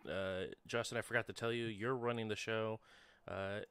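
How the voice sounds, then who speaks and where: Wry low-voiced game-master man. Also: fairly even intonation, normal speed. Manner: wry, chatty, many ums and uhs. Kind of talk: casual tabletop game hosting.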